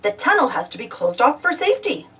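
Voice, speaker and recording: A woman's voice: high voice, big pitch swings, fast talker, a bit bright, distant mic. A woman voicing a kind, reassuring man who leads a building crew, a little away from the mic. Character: kind, calm adult male builder in charge.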